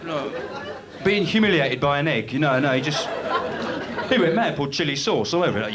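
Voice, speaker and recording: Young male stand-up with a lively voice. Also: fairly high pitch, brisk, pauses often, a crowd in the background. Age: young adult. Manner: rambling, deadpan storytelling with asides. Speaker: stand-up comedian. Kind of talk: live stand-up comedy. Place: comedy club stage. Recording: noisy old videotaped club show.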